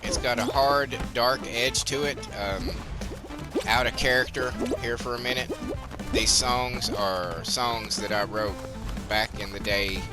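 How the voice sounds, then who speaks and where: A man with a twangy Southern drawl, casually rambling and swearing as a gaming channel host. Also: fairly low pitch. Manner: rambling, candid, swears freely. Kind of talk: casual gameplay commentary.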